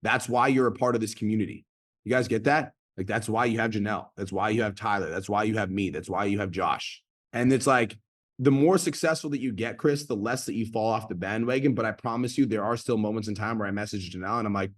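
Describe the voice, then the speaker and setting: A fired-up man in his thirties runs a group coaching call and swears freely as he drives each point home. His voice sits a little low, and it comes through a video call mic. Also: fast talker. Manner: blunt, profane, pumped-up. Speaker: online business coach hosting a group call. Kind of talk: motivational coaching talk.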